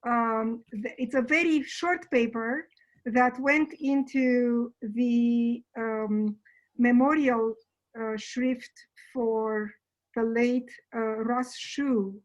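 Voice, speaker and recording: A woman's voice: fairly high pitch, fairly even intonation, very slow, dull audio. A woman, an invited linguistics speaker, answers questions in an academic Q&A over a video call, thinking aloud with restarts.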